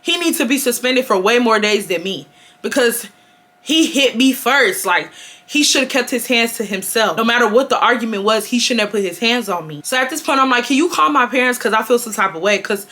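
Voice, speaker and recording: A woman, telling a storytime vlog in a casual, animated way and acting out the quotes. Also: fairly high pitch, fairly quick. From Houston, Texas. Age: 20s. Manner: animated, acts out quotes, swears freely. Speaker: storytime vlogger.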